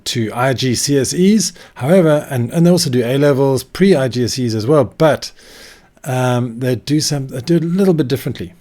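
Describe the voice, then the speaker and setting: A man walks his viewers through a list in a relaxed, chatty vlog manner. He talks to the camera with easy asides and fillers, in a voice of middling pitch. It was recorded indoors. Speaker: vlog host. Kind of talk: casual explainer vlog. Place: indoor room.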